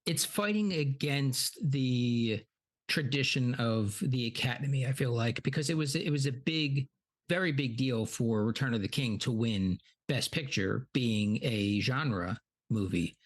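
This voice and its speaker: A man leads a casual comedy podcast, walking through the story step by step. He rambles and stalls with plenty of ums and uhs in an average-pitched voice. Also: a little slow. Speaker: podcast host recapping the film.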